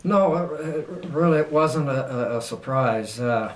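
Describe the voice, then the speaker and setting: A man's voice: medium pitch, animated, a little slow, far from the mic, slight background noise. A man answering interview questions in a hesitant, rambling way, slipping in wry jokes. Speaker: guest. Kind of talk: casual interview. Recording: echoey room.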